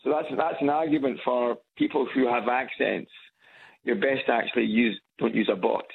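A man's voice: mid-range voice, steady tone, fairly quick, vocal fry, slight background noise. Edinburgh Scottish man on a phone line. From Scotland. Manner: chatty, hesitant with fillers and repeats. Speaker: radio caller. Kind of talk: casual phone-in chat. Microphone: phone on loudspeaker.

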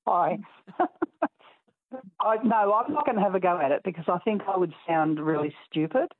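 A woman's voice: fairly low pitch, expressive, moderate pace, slight background noise. A woman calling in to a radio show, a bit shy and chatty. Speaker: caller. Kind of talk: phone-in chat. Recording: tinny phone line.

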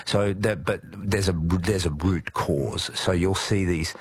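Australian man, matey and earnest, deep low voice, husky, dry close sound. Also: no echo. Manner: earnest, matey, halting restarts. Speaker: guest. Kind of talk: casual conversation.

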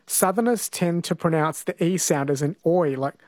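A man's voice: fairly high pitch, normal speed, no echo. Radio host guy, dry close studio sound, curious and chatty. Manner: curious, conversational. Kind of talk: talkback radio hosting.

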